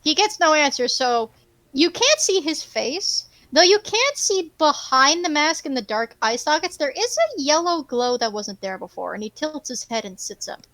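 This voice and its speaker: A woman's voice: sits high, big pitch swings, moderate pace, fairly bright tone, no room sound. A woman narrating a tabletop game as game master, describing scenes in a playful way.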